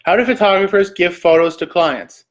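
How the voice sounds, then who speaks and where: A man's voice: high-pitched, moderate pace. A man from Canada hosting a casual live stream, reading search questions aloud and joking back answers. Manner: reads questions aloud then jokes back. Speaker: livestream host.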